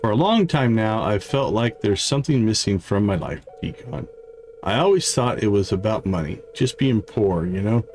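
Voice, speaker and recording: A man's voice: fairly low pitch, lively intonation, normal speed, a little mellow. Man reading as a weary, wistful older woman. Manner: reads game dialogue aloud in a plain voice. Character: weary middle-aged woman, lonely drinker, wistful. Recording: faint game music behind.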